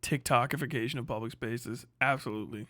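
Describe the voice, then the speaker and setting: A man's voice: mid-range voice, steady tone, fast talker, sharp tone, no echo. A young man hosting a livestream, ranting crudely and sarcastically, laughing often and answering chat. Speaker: livestream host. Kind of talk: profane ranting stream chat.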